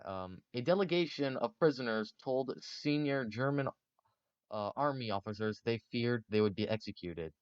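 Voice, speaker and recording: A man's voice: medium pitch, lively intonation, normal speed, clean tone, dry recording, dull audio. A man casually narrating history for a video, rambling and joking with many fillers.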